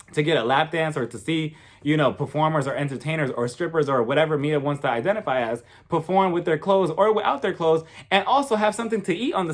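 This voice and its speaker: A young man talking through a reality show episode with lively, animated commentary. His pitch sits a little high for a man and bounces all over the place. He slips into little impressions of the people he is talking about. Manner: animated, gossipy, acts out quotes. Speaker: reality TV reviewer. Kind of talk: casual recap commentary.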